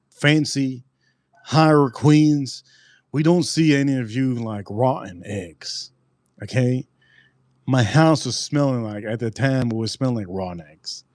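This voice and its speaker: A man hosting a live stream and telling a personal story in an animated, profane way, often repeating his lines. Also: medium pitch, dry recording, studio quality.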